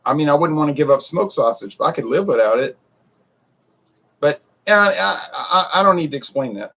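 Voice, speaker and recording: A man's voice: fairly high pitch, expressive, a little fast, a bit bright. A man in his forties who reviews whiskey, rambling and a bit defensive as he talks straight to his viewers. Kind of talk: casual talk to camera.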